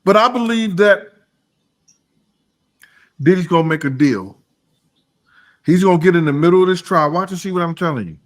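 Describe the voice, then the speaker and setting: Man, podcast co-host, casual reaction talk, emphatic, repetitive, slightly high voice. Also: moderate pace, pauses often. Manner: emphatic, repeats points, trails into low mumbling.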